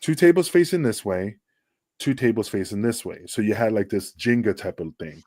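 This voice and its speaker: A man's voice: fairly low pitch, very animated, moderate pace, a little mellow, dry recording, studio quality. A middle-aged man, a wrestling guest, telling a story in casual chat, acting out quotes and swearing freely.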